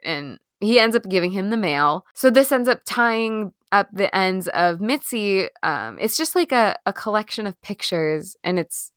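A woman co-hosting a podcast, recapping a film in animated casual chat with many fillers and restarts. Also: mid-range voice, normal speed, hardly any pauses, clean tone, no room sound, clean studio sound. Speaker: podcast co-host.

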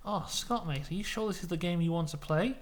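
A man's voice: high-pitched, fairly quick, close to an everyday voice. A man voicing a cautious, sensible male friend in a mild, reasoning tone. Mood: cautioning.

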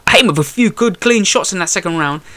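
Animated fast-talking young man. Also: sits high. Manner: animated storyteller, acts out quotes, swears a lot. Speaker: boxer telling a fight story. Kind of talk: casual chat.

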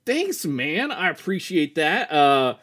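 A man's voice: a little high, big pitch swings, slow pace, a bit bright, exaggerated voice. A man voicing an ancient male war captain who talks like a laid-back 1990s dude, slangy and upbeat. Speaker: podcast co-host. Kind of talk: improvised comedy role-play.

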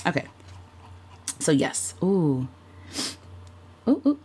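A woman's voice: deep voice, very animated, very slow, dark tone, slightly rough. A woman hosting a casual livestream, speaking heartfelt and openly with many fillers, greeting and thanking viewers by name, emotional and near tears at times. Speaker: content creator hosting a livestream. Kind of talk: casual live-stream chat reflecting on the year.

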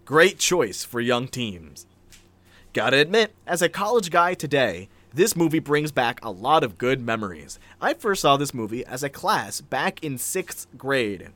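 A man's voice: mid-range voice, sing-song, measured pace, fairly bright tone, no echo. A man co-hosting a casual chat, reading online reviews aloud with playful, dramatic flair. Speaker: podcast co-host.

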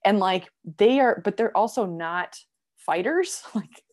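A young woman telling a story in casual chat, animated and full of "like" fillers, laughing as she goes. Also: medium pitch, unhurried.

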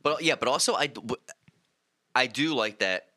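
A man co-hosting a casual podcast chat, quick and jokey. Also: medium pitch, expressive, pushed and bright, no echo, clean studio sound. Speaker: podcast co-host.

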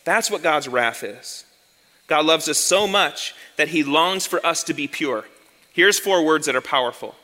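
A male pastor giving an earnest sermon, slowing down and repeating key lines for emphasis. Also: a little high, bright, forceful tone, in a large hall.

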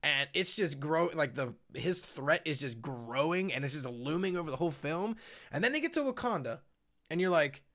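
Young guy rambling on a podcast, kinda high voice, lots of likes and ums. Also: normal speed. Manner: rambling, animated, lots of fillers. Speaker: podcast co-host. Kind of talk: casual chat.

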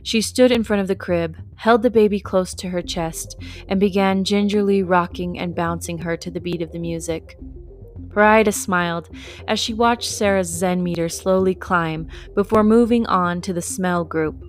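A woman narrating a story audiobook at a steady storytelling pace. Her voice sits slightly low, and soft music plays faintly behind her. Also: normal speed.

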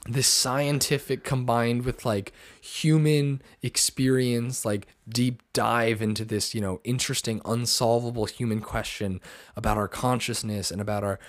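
A man's voice: mid-range voice, steady tone, a little slow, no echo, clean studio sound. A young man hosting a podcast, chatting casually and rambling, with lots of fillers. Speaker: podcast host. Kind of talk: casual chat.

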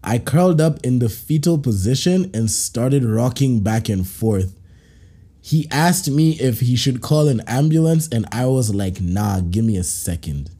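A man's voice: medium pitch, lively intonation, unhurried, dark tone, husky. A male podcast host from Kenya in casual chat. He reads listener stories aloud with slangy banter, laughing often and acting out reactions.

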